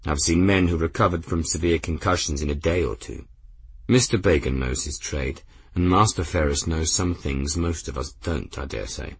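A man voicing a composed adult male airship captain in an audiobook, formal, measured and dry. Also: very deep voice, breathy edge, dry recording, voice pushed down, heavily acted. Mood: steady. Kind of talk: audiobook character reading.

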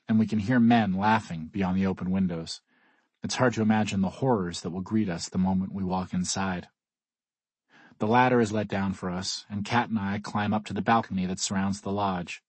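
A man narrates a first-person audiobook in a measured, wry way. His voice is low and husky, recorded close and dry. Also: dry recording.

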